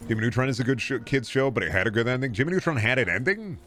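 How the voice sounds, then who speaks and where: A man's voice: medium pitch, sing-song, very fast, a bit bright. A man chatting casually and swearing freely as he streams a game, rambling from one joke to the next. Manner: rambling, profane, jokey.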